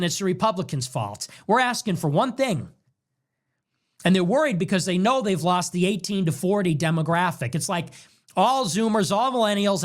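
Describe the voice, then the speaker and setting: A young man hosting a livestream, ranting in an angry, indignant, preaching monologue. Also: high voice. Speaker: political livestream host.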